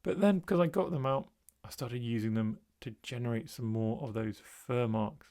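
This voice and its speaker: Relaxed man narrating a painting demo. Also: medium pitch, moderate pace. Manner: relaxed, thinking aloud with fillers. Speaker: art tutor.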